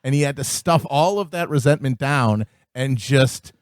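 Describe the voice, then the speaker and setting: A man's voice: medium pitch, normal speed, dry recording. Sardonic man riffing, dry sound. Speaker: podcast co-host. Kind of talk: casual comedic chat.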